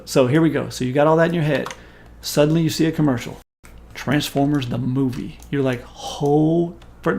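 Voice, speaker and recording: A man in his forties, a stream host, telling a story in casual chat in an animated, profane and emphatic way. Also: medium pitch, creaky.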